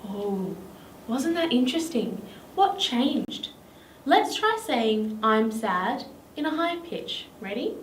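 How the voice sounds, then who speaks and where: Taking it slowly, a very animated woman with an Australian accent runs a drama lesson for kids, her voice on the high side and sing-song with encouragement. Faint noise and a distant mic colour the echoey room.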